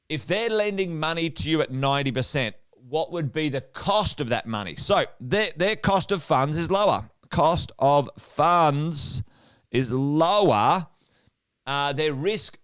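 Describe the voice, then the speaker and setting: With a fairly high, smooth voice, a middle-aged Australian investment coach runs an energetic whiteboard session for livestream viewers, reiterating his points and asking them questions.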